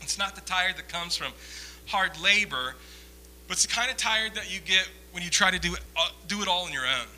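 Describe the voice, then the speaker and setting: A man's voice: sits high, animated, brisk, sharp tone, a little hiss or hum, rough recording. A man giving a conversational sermon as a pastor, rambling through self-deprecating stories with humor.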